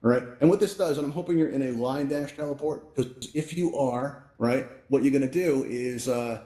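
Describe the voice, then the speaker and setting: Speaking at a moderate pace in a warm, mid-range voice, a man from New York leads a live instructional walkthrough in a virtual reality social space. He's cheerful and talkative as he guides the audience through the controls, and his VR headset mic captures an echoey room.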